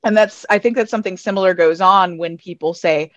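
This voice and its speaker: A woman's voice: lowish voice, a little fast, no echo. Rambling American woman, dry lo-fi sound. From United States. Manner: rambling, restarting thoughtful explainer. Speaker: podcast guest. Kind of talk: casual podcast discussion.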